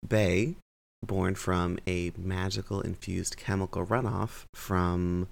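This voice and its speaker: Low, gravelly-voiced tabletop player. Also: little pitch movement, slow. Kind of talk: casual chat introducing a tabletop character.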